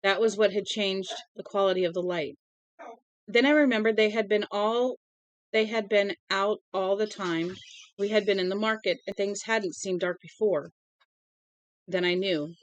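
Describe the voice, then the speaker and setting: A woman casually reading a novel aloud at home, now and then stumbling over words and correcting herself. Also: medium pitch. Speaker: storybook reader.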